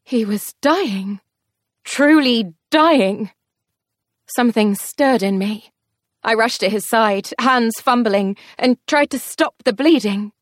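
A woman's voice: fairly high pitch, slow pace, no room sound, studio quality. A woman narrating a first-person fantasy story in an audiobook, telling it expressively. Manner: expressive, tense storytelling pace shifts.

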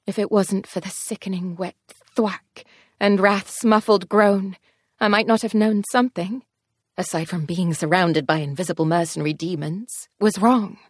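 A woman reads a first-person fantasy story aloud in an even mid-range voice. Her telling is expressive, speeding and slowing with the action, and the sound is close and dry with no room around it. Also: medium pitch, no room sound. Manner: expressive, tense storytelling pace shifts. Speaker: audiobook narrator.

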